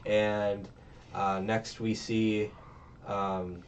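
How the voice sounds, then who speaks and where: Speaking extremely slowly in a level, fairly low voice, a man rambles through a casual movie plot recap full of ums and uhs, performing the characters' lines himself. The mic is distant and muffled, with faint noise.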